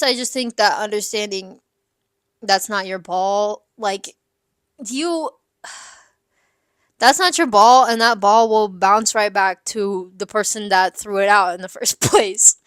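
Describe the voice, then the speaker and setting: A young woman talks through listener questions in a chatty, candid way, full of "like" and quick asides. Her voice sits at a middling pitch and sounds close and dry, with no room around it. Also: no echo. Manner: chatty and candid, many "like" fillers, lively asides. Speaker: advice show host. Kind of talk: casual advice chat.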